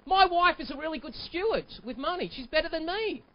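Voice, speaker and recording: A man in his forties giving an animated, emphatic keynote talk, telling a personal story and at times breaking into shouts. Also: very high-pitched, fairly quick. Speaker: keynote sales speaker. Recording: dull lo-fi recording.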